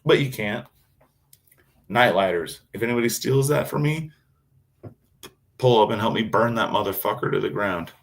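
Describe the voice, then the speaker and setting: A man's voice: lowish voice, normal speed, gravelly. A man chatting casually on a live stream, swearing constantly as he rambles about his knives and answers chat. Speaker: knifemaker streamer.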